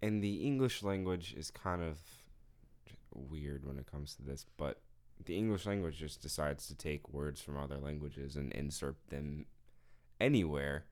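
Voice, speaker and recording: A man's voice: a bass voice, a little slow, darkish tone. A young man co-hosting a casual podcast, musing thoughtfully. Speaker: podcast co-host.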